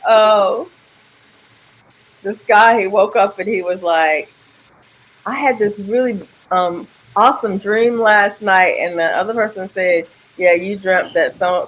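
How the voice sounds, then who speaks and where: A woman's voice: mid-range voice, rough recording. A woman in casual chat on a video call live stream, retelling stories and mimicking how people reacted. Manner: chatty, mimics quoted reactions.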